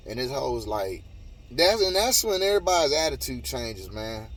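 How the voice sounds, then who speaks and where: A man's voice: mid-range voice, big pitch swings, moderate pace, a bit bright, slightly rough. A man telling a heated, profane story in a casual monologue, repeating himself and swearing often. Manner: profane, heated, repetitive retelling.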